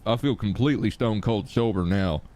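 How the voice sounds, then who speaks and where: A man's voice: on the low side, a little fast, darkish tone. A man in character as a police chief in a role-play, talking in a rambling, bemused way.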